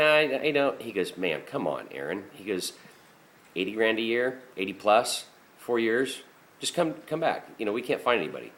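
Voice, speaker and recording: A man's voice: on the low side, a bit bright. A middle-aged man who drives a garbage truck, talking casually and frankly about his job, with a lot of swearing, fillers and restarts. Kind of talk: casual rambling monologue.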